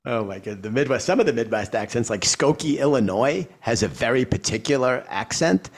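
A man's voice: mid-range voice, animated, fairly quick, breathy edge. A man with a Brooklyn and Queens New York accent interviewing a guest, enthusiastic and asking long, winding questions. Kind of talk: conversational interview.

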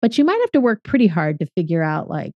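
Measured, reflective woman guest in her fifties. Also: fairly low pitch, very animated, no echo, lo-fi sound. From California. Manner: reflective, with fillers and a measured, explanatory pace. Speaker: podcaster and strategic consultant, guest. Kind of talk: conversational interview answers.

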